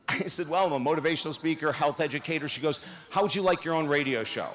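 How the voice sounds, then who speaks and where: A man's voice: a little high, brisk. A man in his sixties giving a commencement speech, telling stories and acting out the dialogue in them. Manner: storytelling, animated, acts out dialogue. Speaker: convocation speaker. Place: large field house.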